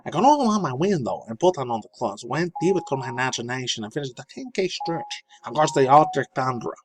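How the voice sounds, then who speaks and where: A man's voice: mid-range voice, expressive, brisk, noisy background, lightly acted. A man mimicking a boastful jailed man in an exaggerated accent, mocking him as he reads the lines. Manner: mocking, laughing through the lines. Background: lofi music.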